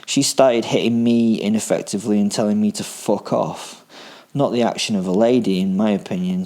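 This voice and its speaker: Deep-voiced horror narrator. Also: male voice, warm tone. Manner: dry, darkly comic, matter-of-fact. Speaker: podcast host and narrator. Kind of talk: first-person horror story narration.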